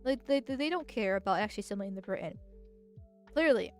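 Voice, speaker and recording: A woman streamer giving casual commentary on posts, thinking out loud and restarting her sentences often. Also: medium pitch, animated, fast talker, faint music behind. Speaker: political streamer.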